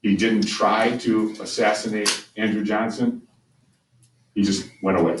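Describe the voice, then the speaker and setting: A man's voice: fairly low pitch, fairly even intonation, measured pace. A man teaching a history class, telling the story conversationally with frequent restarts. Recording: roomy, distant mic with faint ambient noise.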